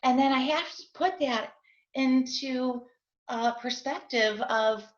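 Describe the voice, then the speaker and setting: A woman's voice: high-pitched, slow. Middle-aged woman guest, earnest confessional testimony, video call, echoey room, dull sound. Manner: earnest and confessional, often asks "right?". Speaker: guest sharing her story as a parent. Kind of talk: heartfelt personal testimony in an interview.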